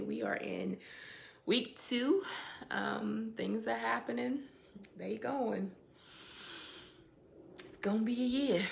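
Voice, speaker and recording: A young adult woman hosting her weekly update as an educator, talking in a casual, reflective way with emphatic, animated stretches and colloquial asides. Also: medium pitch, takes it slowly, gravelly, long pauses, a little hiss or hum.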